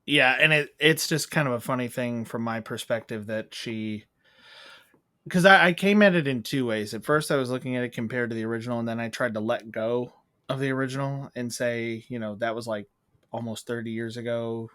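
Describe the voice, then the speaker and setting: A man co-hosting a casual movie review, talking at length in a loose, animated way. His voice sits in a middle range and is recorded dry and close, with no room sound. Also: mid-range voice, brisk, dry recording. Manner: rambling, animated, acts out quotes. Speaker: podcast co-host.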